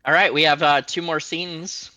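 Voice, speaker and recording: A man acting as game master of a tabletop role-playing game, explaining the rules in a relaxed way. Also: a little high, normal speed, dry recording, dull audio. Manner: relaxed, explanatory, laughs easily.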